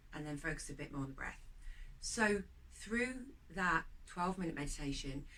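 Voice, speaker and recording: A woman teaching meditation, guiding the listener slowly and gently and encouraging them along the way. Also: fairly low pitch, rough recording. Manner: slow, soft, gentle guiding. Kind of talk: guided meditation.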